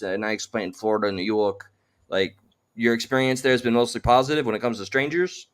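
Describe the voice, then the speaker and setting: A man hosts a casual conversation from his home. His voice sits in an ordinary middle pitch. He phrases things in a wordy, somewhat formal way and often restarts his sentences. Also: fairly even intonation, brisk. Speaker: host. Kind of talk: casual chat.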